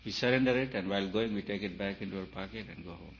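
A man, a spiritual teacher, giving an emphatic talk full of rhetorical questions, swinging between loud and soft. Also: fairly low pitch, fast. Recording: dull lo-fi recording with faint hiss.

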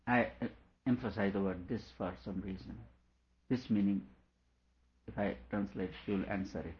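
A man teaching a lecture on a scripture, working through each point slowly and repeating himself to make it clear. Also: fairly low pitch. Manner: deliberate, explains by repeating and rephrasing. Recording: dull lo-fi recording.

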